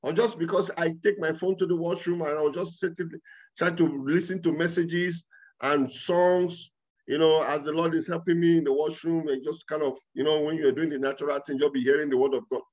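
A man preaching as a pastor, excitable, breaking into loud tongues and laughter. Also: a little high, brisk, dull audio. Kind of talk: sermon with speaking in tongues.

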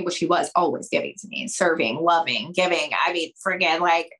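A young adult woman on a podcast, giving dating advice in an animated, expressive way and acting out quoted conversations. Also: lowish voice, brisk, hardly any pauses. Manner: expressive, acts out quoted dialogue, addresses listeners as girls. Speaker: podcast guest, dating coach.

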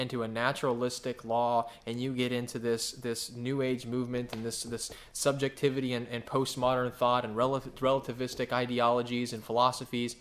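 A man preaching a sermon, animated and full of questions he answers himself, sometimes acting out voices. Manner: animated, acts out quoted voices with big pitch jumps; asks the congregation questions and answers them. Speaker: pastor.

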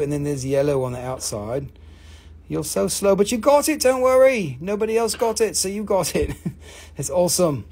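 Husky high-voiced man selling rocks live. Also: a little mellow. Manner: joking, swearing, calling out bidders. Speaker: live-stream mineral seller. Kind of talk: casual live auction chat.

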